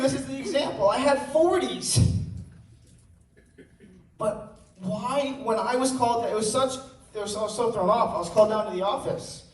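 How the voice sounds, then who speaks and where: Earnest young man in an echoey hall. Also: very high voice. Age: teens. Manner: earnest storytelling with joking asides. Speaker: student speaker. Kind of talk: personal talk on stage. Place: large hall with audience. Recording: roomy hall sound, mic at a distance.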